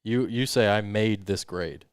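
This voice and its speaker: Low-voiced man with wry, deadpan teasing. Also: unhurried, clean tone, no room sound. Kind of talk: casual chat.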